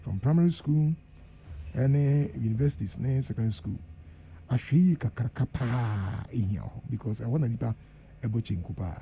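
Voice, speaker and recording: A Ghanaian man on a radio panel, talking with an earnest, emphatic push. His voice is gravelly and very dark, with faint noise behind it. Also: mid-range voice, moderate pace, muffled recording. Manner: earnest, mixes Twi and English, emphatic warnings. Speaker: guest professor. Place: radio studio.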